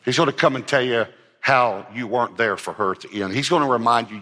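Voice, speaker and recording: A man's voice: medium pitch, quick pace, sharp tone, long reverb tail. A man preaching a sermon as pastor, earnest and emphatic, driving points home with repeated phrases.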